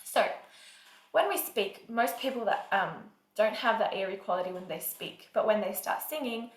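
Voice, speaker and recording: In an echoey room, a woman gives a casual, chatty vocal lesson, often filling her explanations with "like" and "um." Her voice is medium-pitched and expressive, at a normal speed.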